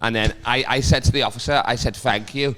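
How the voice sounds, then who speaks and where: With a quick pace and a medium-pitched, steady, fairly bright voice, this young Liverpool man speaks in his hometown accent. He tells rambling, sweary stories on a casual comedy podcast, laughing along the way.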